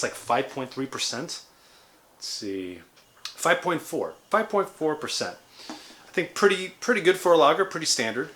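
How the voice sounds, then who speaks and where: A man in his thirties talks through a casual beer review in a bright, forceful voice. He keeps it loose and chatty, tossing in playful jokes as he goes. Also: medium pitch. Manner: playful, jokey, chatty asides. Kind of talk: casual food and drink review vlog.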